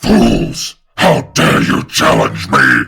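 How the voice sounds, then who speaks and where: A gravelly, pompous villain boss. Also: male voice, a bass voice, wildly swooping pitch, slow pace, bright, forceful tone, exaggerated voice. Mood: menacing. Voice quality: gravelly, raspy. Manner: pompous, theatrical. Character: boastful male villain boss, menacing and theatrical. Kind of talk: video game voice clips.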